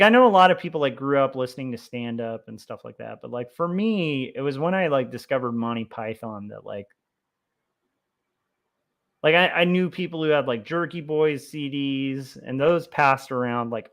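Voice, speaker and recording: A young man chatting casually on a livestream as he draws comics, rambling with lots of fillers and getting excited about history. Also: medium pitch. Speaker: comic artist streaming his drawing. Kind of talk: casual livestream chat while drawing.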